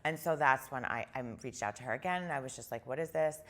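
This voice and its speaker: A woman guest in a casual interview, retelling events in an animated way and using "like" a lot. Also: a bass voice, fast. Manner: animated retelling, heavy use of "like".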